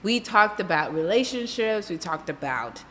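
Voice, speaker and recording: A woman's voice: mid-range voice, expressive, moderate pace, a bit bright, in a large hall, a little hiss or hum. A woman hosting a podcast in casual, playful chat, laughing often and dropping into French. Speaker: podcast host.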